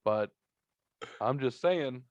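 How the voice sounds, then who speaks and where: A man co-hosting a podcast, telling profane, exaggerated comic stories in a casual, animated way. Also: medium pitch, takes it slowly, no echo, dull audio. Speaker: podcast co-host. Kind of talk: casual comedic storytelling.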